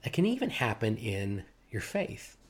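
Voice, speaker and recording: A man preaching a sermon in a relaxed, conversational way, acting out quoted complaints and chuckling now and then. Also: on the low side, a little slow, husky. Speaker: pastor.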